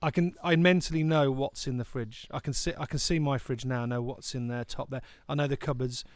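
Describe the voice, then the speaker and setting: A man's voice: mid-range voice, steady tone, a little fast, dry recording. A man co-hosting a comedy podcast, rambling through stories in casual chat and slipping into silly voices. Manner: rambling storyteller who slips into silly voices. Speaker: podcast co-host.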